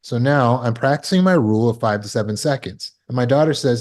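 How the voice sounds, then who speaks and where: A man's voice: mid-range voice, fairly quick, a little mellow. Earnest male recovery teacher on a video call, plain mid-range voice, acts out examples. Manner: earnest, acts out scenes with bursts of alarm. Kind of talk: teaching talk with acted examples.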